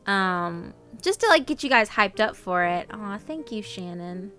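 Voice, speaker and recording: A young woman chats on her live stream in a bright, forward voice, greeting viewers by name and filling pauses with ums and little laughs. Faint guitar music plays quietly beneath her talk. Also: medium pitch, expressive. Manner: chatty, reads out viewer names, filler-heavy. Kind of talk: casual live-stream chat.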